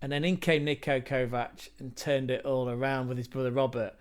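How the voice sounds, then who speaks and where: A man's voice: medium pitch, fairly even intonation, a little fast, clean tone. A man hosting a football channel, talking through stats in a chatty, rambling way with asides to viewers. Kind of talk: casual football stats commentary.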